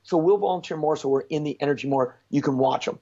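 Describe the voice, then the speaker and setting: A man being interviewed as a success coach, telling stories in an animated, blunt way with mild swearing. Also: a little high, fast, lo-fi sound. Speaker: guest speaker, success coach. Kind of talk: storytelling in a conversational interview.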